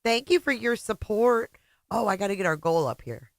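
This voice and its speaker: A woman co-hosting a casual livestream, teasing the host and quick to laugh. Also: mid-range voice, big pitch swings, creaky, no echo, studio quality.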